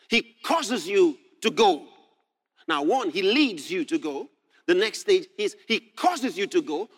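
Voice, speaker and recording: Man, preacher, sermon, high-pitched, very animated, shouting scripture readings.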